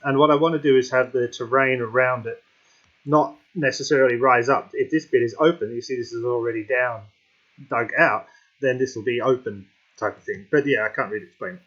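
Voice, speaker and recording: A man's voice: medium pitch, steady tone, brisk, a bit bright. Rambling man, hiccuping, dull audio. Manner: rambling, thinks aloud with many fillers. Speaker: gameplay commentator. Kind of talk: casual gameplay commentary.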